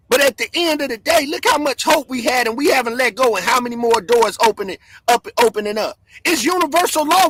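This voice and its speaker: A man hosting a livestream, yelling and cursing in fired-up commentary from home. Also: extremely high pitch, moderate pace, dry recording. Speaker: livestream host.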